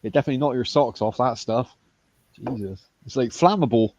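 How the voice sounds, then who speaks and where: A man's voice: medium pitch, a little fast, darkish tone, highs cut off, slight background noise. A British man with an English accent in casual voice-call chat, laughing often, swearing and rambling. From Britain.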